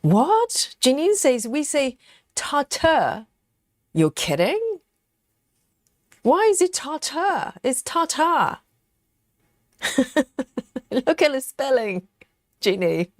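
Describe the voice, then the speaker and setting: A woman hosts a live stream in a casual, playful way, reading out viewer comments and teasing them between laughs. Her pitch swings widely and she talks slowly and unhurriedly. The sound is dry and close, with no room around it. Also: sing-song, darkish tone, no room sound.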